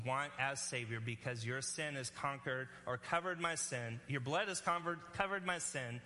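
A man's voice: mid-range voice, sharp tone, big-room sound, a little hiss or hum. A male pastor preaching a sermon in an earnest, conversational way, often checking in with the congregation.

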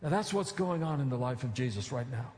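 A man's voice: medium pitch, expressive, fairly quick, darkish tone. A man pastor preaching a sermon, earnest, with emphatic pleading appeals and casual asides. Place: church sanctuary. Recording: echoey church hall.

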